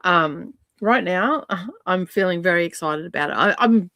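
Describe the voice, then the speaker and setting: A woman's voice: lowish voice, unhurried, bright, forceful tone, no room sound, studio quality. A middle-aged woman from Australia hosting a casual crafting live stream, chatting in a rambling way with many ums. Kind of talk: casual chat while crafting. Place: home craft room.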